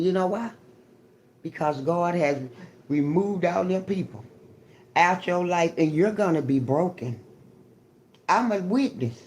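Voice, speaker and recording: A woman's voice: lowish voice, darkish tone, slight background noise. A woman live-streams a fierce, profane testimony in the manner of a street sermon. She speaks straight to her viewers and greets people in the chat by name. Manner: emphatic, profane, preaching testimony. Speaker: livestreamer.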